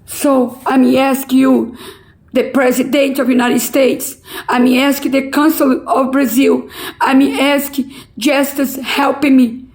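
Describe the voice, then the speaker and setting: A middle-aged woman making an impassioned, pleading public appeal in halting non-native English. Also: high voice, flat delivery, darkish tone, low-quality recording. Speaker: relative pleading a court case.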